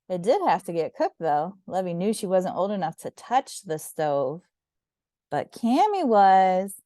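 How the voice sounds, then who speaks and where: A woman reading a children's storybook aloud with gentle, expressive narration. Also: fairly low pitch, unhurried, no room sound, clean studio sound. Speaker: storybook reader.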